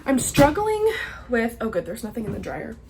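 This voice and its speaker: A young woman chatting casually to her handheld camera at home, excitable and a little stuffy from a sinus infection, with laughs and whispered asides. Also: fairly high pitch, moderate pace, noisy background. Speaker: vlogger. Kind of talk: casual vlog chat to camera. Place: at home, in a house. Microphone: handheld camera filming herself.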